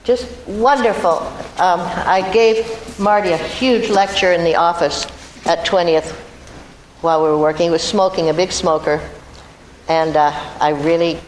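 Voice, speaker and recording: A woman's voice: lowish voice, fairly even intonation, moderate pace. An older woman from Iowa, a guest actress telling chatty, self-amused stories to a live audience. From Iowa, USA. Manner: chatty, self-amused anecdotes with frequent laughs. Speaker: guest actress at a film event. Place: large hall before an audience. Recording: echoey hall with loud noise.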